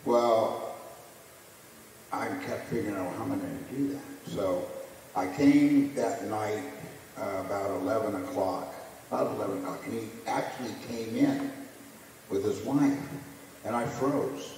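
A man telling his story on stage at a low pitch, acting out quoted voices. His voice comes from a distance through a big, echoing hall with a long reverb tail. Faint room ambience sits underneath. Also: measured pace, darkish tone, a little hiss or hum. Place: museum hall with audience. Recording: echoey hall, distant mic.

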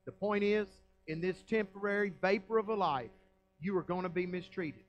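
High-voiced Southern pastor preaching. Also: male voice, moderate pace, dull audio. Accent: Southern American. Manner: folksy, emphatic preaching with rhetorical questions. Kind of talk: sermon. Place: church sanctuary.

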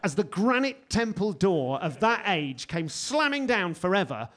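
Animated British stand-up comic, high voice. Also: male voice, a little slow. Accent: British English. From England. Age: 40s. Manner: animated storytelling with sudden loud outbursts. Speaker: stand-up comedian. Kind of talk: stand-up comedy set. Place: comedy stage before a live audience.

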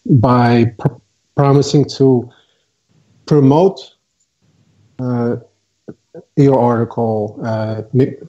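Mellow man with a dull recording. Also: medium pitch, steady tone. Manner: measured, hesitant, many fillers. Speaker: guest, software co-founder. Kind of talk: casual interview talk. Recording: dull lo-fi audio.

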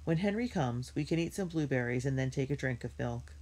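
A woman voicing a quiet, helpful young girl in a children's storybook read-aloud. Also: a bass voice, lively intonation, a little fast. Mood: eager.

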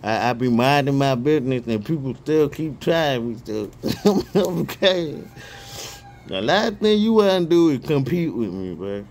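A man praying fervently and reading scripture aloud outdoors, excitable and stumbling over repeated words, speaking each punctuation mark aloud. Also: mid-range voice, normal speed, hardly any pauses. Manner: reads punctuation marks aloud. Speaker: online Bible reader.

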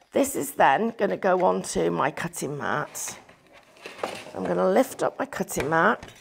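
A woman's voice: mid-range voice, vocal fry, breathy edge. A woman giving a live crafting demonstration, chatty and self-deprecating, thinking aloud as she works.

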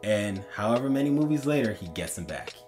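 A man with a somewhat low voice co-hosting a podcast, speaking casually and thoughtfully as he weighs his opinions. Music can be clearly heard behind him. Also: brisk. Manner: reflective, defends his opinions, gets excited and laughs. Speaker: podcast co-host. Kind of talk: casual chat.

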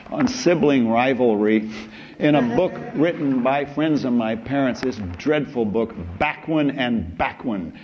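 A man's voice: mid-range voice, a little mellow. Older man lecturing, wry and rambling. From United States. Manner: wry, rambling, chuckling asides. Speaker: philosophy professor. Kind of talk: anecdotal university lecture. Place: lecture hall. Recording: dull lo-fi lecture recording with faint hiss.

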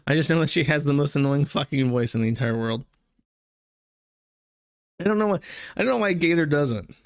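A man's voice: on the high side, expressive, normal speed, pauses often, clean tone, no echo, clean studio sound. A man hosting a stream, ranting to chat in a profane, mocking, crude manner. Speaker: streaming show host.

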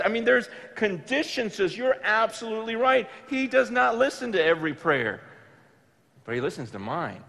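High-pitched animated male preacher. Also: normal speed, vocal fry, in a large hall. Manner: animated, emphatic, with bursts of loud excitement. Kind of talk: storytelling sermon. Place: large room with an audience.

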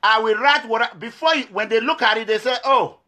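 Speaking fast in a very high, bright, forceful voice, a middle-aged Nigerian activist from Edo State addresses the camera with a Nigerian accent. He delivers an impassioned, emphatic monologue, repeating himself and firing off rhetorical questions.

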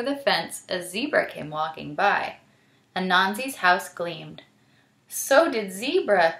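A woman teacher reads a picture book aloud to children, animated and stopping to ask what they think. She goes slowly with a lively, wide-ranging pitch and a gravelly texture. Her voice sounds roomy and echoey. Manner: animated, asks the listener questions. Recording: roomy echo.

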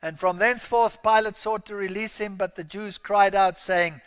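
A man's voice: high voice, fairly even intonation, moderate pace, hardly any pauses, fairly bright tone, clear, resonant tone. A man preaching a sermon, reading scripture aloud with emphatic, rising exclamations. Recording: long hall reverb.

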